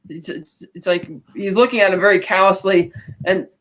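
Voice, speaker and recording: A woman's voice: mid-range voice, fairly even intonation, moderate pace, fairly bright tone. A woman co-hosting a podcast, retelling a film's plot casually with many fillers and restarts. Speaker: podcast co-host. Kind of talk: casual film recap.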